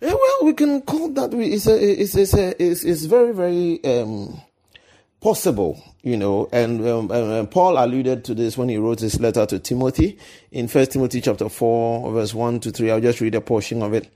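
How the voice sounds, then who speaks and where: A man's voice: mid-range voice, lively intonation, normal speed, mellow. A man giving earnest, conversational Christian teaching as a guest, often restarting and searching for words. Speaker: guest speaker.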